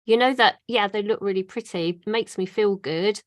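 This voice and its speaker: A woman with a mid-pitched voice speaks reflectively and keeps seeking agreement. The sound is dry and close, with no room around it. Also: moderate pace, no echo. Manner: reflective, seeks agreement with tag questions. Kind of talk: casual chat. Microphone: video call.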